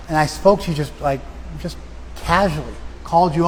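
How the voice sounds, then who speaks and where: A man giving a spiritual lecture. He recites verses slowly and then explains them in plain, conversational talk. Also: on the high side, big-room sound, a little hiss or hum, rough recording. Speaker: lecturer on scripture. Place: outdoor festival.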